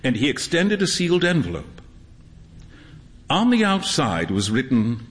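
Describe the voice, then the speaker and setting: A man's voice: mid-range voice, unhurried, pauses often, in a large hall. A man performing a theatrical live reading of a classic short story. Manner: expressive, theatrical. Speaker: reader.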